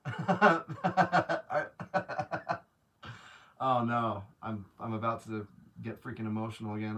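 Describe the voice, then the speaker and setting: A man's voice: medium pitch, a bit bright, recorded from a distance. A man hosting a casual live stream, chatting to viewers, rambling with many restarts and growing openly grateful. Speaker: livestream host.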